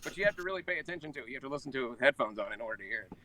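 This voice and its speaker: A man who works as a voice actor, chatting as an interview guest, animated and chuckling as he tells stories about his work. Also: medium pitch, rapid-fire, distant mic, a crowd in the background. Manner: animated, chuckles while telling anecdotes. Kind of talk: casual interview chat.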